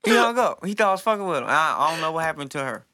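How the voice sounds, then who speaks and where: Man, casual chat, animated storyteller, slightly high, bright, dry sound. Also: rapid-fire, no room sound. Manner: animated storyteller, acts out quotes.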